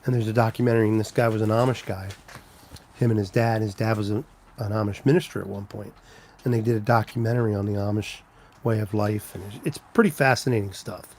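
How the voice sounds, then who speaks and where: A man's voice: on the low side, fairly even intonation, fast, a little mellow, slight background noise. A man on a casual live stream, telling rambling stories and answering viewers' comments. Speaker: trucker livestreaming, reading chat.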